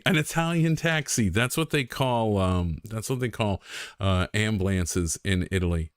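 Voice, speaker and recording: A man's voice: fairly low pitch, lively intonation, moderate pace, smooth, dry recording, clean studio sound. A young man chatting casually on a game stream, rambling and self-deprecating with lots of ums and restarts.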